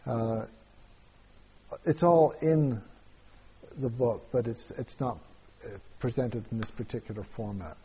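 A man, a meditation teacher, answers questions at a retreat in a halting way, with many fillers and restarts and frequent chuckles. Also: mid-range voice, dark tone, muffled recording, a little hiss or hum.

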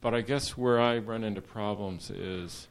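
A man's voice: fairly low pitch, fairly even intonation, normal speed, vocal fry. Hesitant man asking the teacher questions. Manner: hesitant, candid, self-deprecating. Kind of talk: question in a meditation class.

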